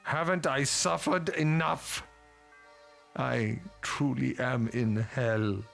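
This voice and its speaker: A man's voice: mid-range voice, creaky, fairly bright tone. An actor playing a weary, self-pitying male doctor in a game, brooding theatrically, with faint game music behind him. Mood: brooding despair. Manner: slow, theatrical brooding despair. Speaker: game character.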